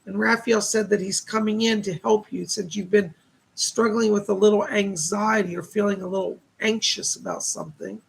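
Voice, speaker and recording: Male psychic medium, live-stream host, gravelly husky voice, chatty relayed messages. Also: high voice, steady tone, normal speed, rough recording. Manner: relays spirit messages with constant "she said" tags.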